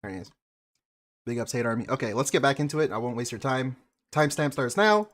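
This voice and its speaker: A man reacts to a video on a live stream, in a casual and offhand way. He is sarcastic and swears freely. His voice sits at an ordinary middle pitch. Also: animated, quick pace, a bit bright.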